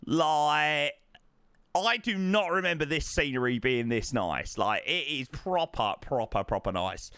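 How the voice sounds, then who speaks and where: A man live-streaming a flight sim, chatting excitedly and thanking subscribers, calling everyone mate. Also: on the high side, unhurried, smooth, dry recording. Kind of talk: live stream chat while flying.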